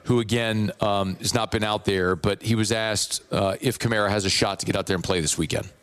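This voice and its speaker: Hoarse man, low voice, sports radio host riffing casually. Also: fairly even intonation, fairly quick, a bit bright. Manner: playful, rambling, riffs on pronunciation. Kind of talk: casual radio talk with live ad read.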